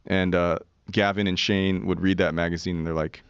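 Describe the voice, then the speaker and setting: A man in his forties with a fairly low voice tells a story as a podcast guest, animated and profane, slipping into the voices of the people he quotes. His studio mic sounds dry and dull, with a lo-fi edge. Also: moderate pace, clear, resonant tone, no echo. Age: 40s. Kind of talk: casual storytelling.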